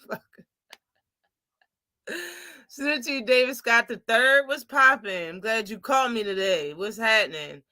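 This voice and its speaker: A woman's voice: mid-range voice, bright, forceful tone, dry recording, clean studio sound. A woman hosting a casual post-fight livestream, talking animatedly and profanely and mocking people with impressions. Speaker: boxing live-stream host.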